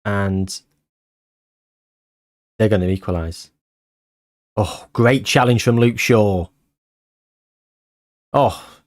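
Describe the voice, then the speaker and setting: A man's voice: lowish voice, very slow, pauses often, no echo, clean studio sound. Anxious man commentating his own game. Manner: anxious, breathless, bursts into excited shouts. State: out of breath. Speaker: gaming YouTuber.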